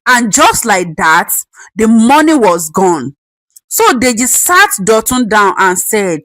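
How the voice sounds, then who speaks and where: A woman's voice: mid-range voice, big pitch swings, slow, fairly bright tone, dry recording, low-quality recording. A woman narrating a dramatic family story expressively.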